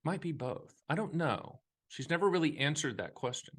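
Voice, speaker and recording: A man's voice: on the high side, lively intonation, moderate pace, breathy edge. A man in his fifties hosting a casual monologue on retirement money, folksy and emphatic, with jokey asides and a touch of a Southern accent. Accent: Southern US at times. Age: 50s. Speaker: annuity advisor and show host.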